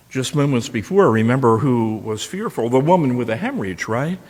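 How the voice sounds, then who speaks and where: A man's voice: fairly high pitch, animated, moderate pace, few pauses, darkish tone. A man preaching a sermon, retelling a story and posing rhetorical questions to his listeners. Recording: long reverb of a large hall.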